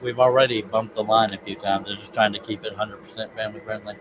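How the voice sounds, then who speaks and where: A man's voice: fairly low pitch, steady tone, fast talker, crowd noise, low-quality recording. A man with a Southern US accent hosting a casual live stream, chatty and giggly as he reads comments aloud. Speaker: livestream host.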